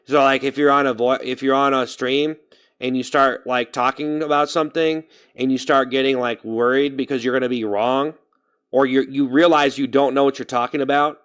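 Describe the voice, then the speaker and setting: A young man chatting casually on his live stream, rambling as he thinks out loud. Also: mid-range voice, steady tone, normal speed, clear, resonant tone. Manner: rambling, thinks aloud about his own speaking voice. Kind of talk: casual livestream chat.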